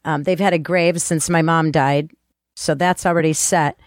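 A woman's voice: sits low, steady tone, normal speed, no room sound, clean studio sound. A stressed woman on a talk show, speaking plainly about practical tasks. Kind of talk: casual conversation.

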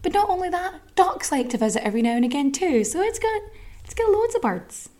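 A woman, hosting a podcast and telling a history story in a sweary, sarcastic, animated way. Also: very high voice, brisk. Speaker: podcast host. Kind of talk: casual storytelling chat.

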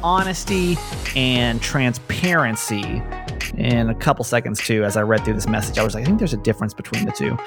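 Man, podcast host, Southern accent, gravelly voice, faint music behind. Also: medium pitch. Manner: laughs often, quick and chatty with fillers. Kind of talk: casual chat.

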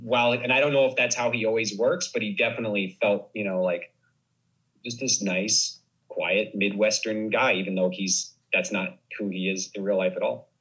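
A man speaking as a podcast guest in an easygoing, warm-hearted way. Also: fairly low pitch, steady tone, normal speed, slightly rough, low-quality recording. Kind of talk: casual chat.

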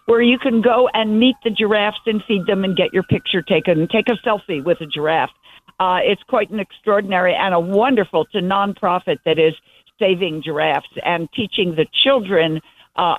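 An older woman, a guest journalist, telling stories enthusiastically in a casual interview over the phone. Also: mid-range voice. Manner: enthusiastic, meandering storytelling. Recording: dry tinny phone line.

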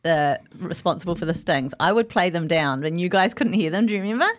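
A woman, hosting a podcast in casual chat with wry, quick asides. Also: on the low side. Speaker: podcast host.

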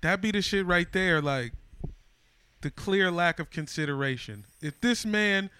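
Man with a smooth, crisp, dry voice. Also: high-pitched, lively intonation, unhurried, pushed and bright, dry recording. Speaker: friend in conversation. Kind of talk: casual chat.

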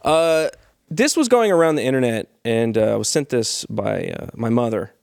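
A man hosting a podcast, telling stories in a casual chat with laid-back, drawn-out pacing and filler pauses. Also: mid-range voice, expressive, gravelly, a little mellow, clear, resonant tone, no room sound, clean studio sound. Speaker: podcast host.

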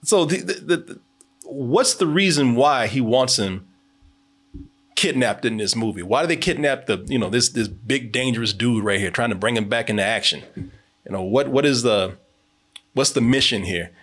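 A man hosting a casual movie commentary podcast, animated, joking and profane. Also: medium pitch, normal speed. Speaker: podcast host.

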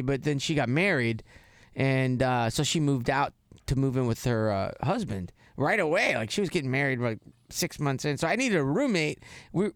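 A man's voice: fairly high pitch, no echo, studio quality. A middle-aged man from Florida, telling rambling stories in a casual chat as a guest and laughing often. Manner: rambling, laughs often, mimics voices in anecdotes.

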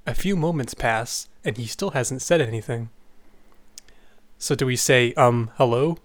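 Brief: male podcast host, mid pitch, giggly, dry close sound. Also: unhurried, dry recording. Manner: giggly, easily amused. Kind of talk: casual chat and reading a story aloud.

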